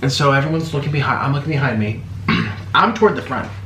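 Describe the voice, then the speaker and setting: A man's voice: medium pitch, quick pace. A man hosting a mukbang, telling a rambling story casually while eating. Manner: chatty, rambling, animated. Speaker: mukbang host. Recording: roomy echo, faint background hiss.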